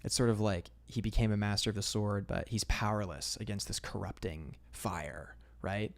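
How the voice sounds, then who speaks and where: Laid-back gravelly-voiced man chatting on stream. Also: fairly low pitch. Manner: laid-back and rambling, drawn-out fillers, calls chat "man". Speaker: illustrator streaming live. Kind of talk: casual livestream chat reading comments.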